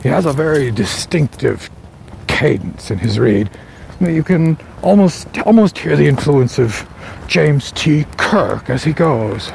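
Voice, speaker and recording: A male author vlogs outside about his morning, rambling casually with frequent restarts and little fillers. His fairly high voice is mellow, warm and creaky rather than bright, with lively intonation and a slightly slow pace. Faint traffic and street sounds can be heard.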